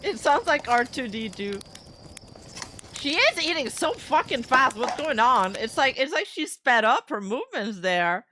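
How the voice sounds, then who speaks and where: A young woman streamer giving excitable live reaction commentary, laughing often and swearing freely. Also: high-pitched, unhurried, dry recording. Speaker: VTuber streamer.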